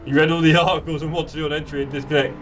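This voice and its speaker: A man's voice: a little high, flat delivery, rapid-fire, distant mic, a little hiss or hum. A man chatting playfully with friends while live-streaming a sim racing game. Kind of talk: live gameplay chat. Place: home sim racing setup.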